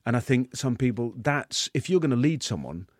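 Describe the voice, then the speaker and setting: A man in his fifties, a guest in an interview, talking in a halting way with many restarts. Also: medium pitch, very animated, dry recording, clean studio sound.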